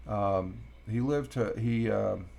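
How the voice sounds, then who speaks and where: A middle-aged man from Upstate New York hosting a casual morning live stream, rambling with many fillers and reading quotes out slowly. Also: lowish voice, gravelly, a little mellow.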